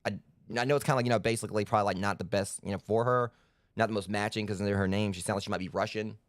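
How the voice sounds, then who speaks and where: A man's voice: on the low side, fairly even intonation, rapid-fire, no room sound, studio quality. A man giving rambling, self-deprecating let's-play commentary as a game streamer, full of fillers and restarts.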